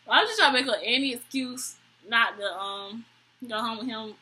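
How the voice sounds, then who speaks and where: Husky, bright young woman telling a storytime. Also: moderate pace, low-quality recording. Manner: animated, exasperated, quotes people with high voices. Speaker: vlogger. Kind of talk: storytime vlog, casual chat to camera.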